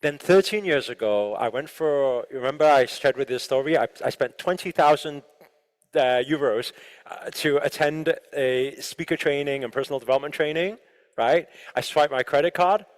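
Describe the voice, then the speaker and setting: A man giving an animated motivational talk to a live audience, often asking the listeners questions. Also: a little high, moderate pace. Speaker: motivational speaker. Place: large room with an audience. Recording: long hall reverb.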